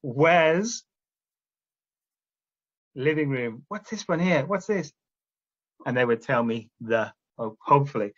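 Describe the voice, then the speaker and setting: A man's voice: medium pitch, big pitch swings, moderate pace, fairly bright tone, breathy edge, lo-fi sound. A man training teachers, explaining classroom steps and checking in often with "all right?". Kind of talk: instructional talk to teachers.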